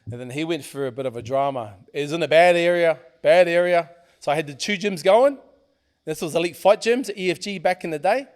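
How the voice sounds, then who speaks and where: A middle-aged man, a podcast guest, telling stories in a casual, animated way and swearing freely. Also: on the high side, brisk. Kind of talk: casual storytelling.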